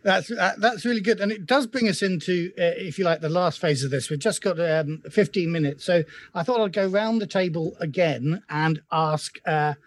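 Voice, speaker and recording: A man's voice: high voice, moderate pace, dry recording. A man moderating a panel, politely moving the discussion along. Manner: polite, organizing.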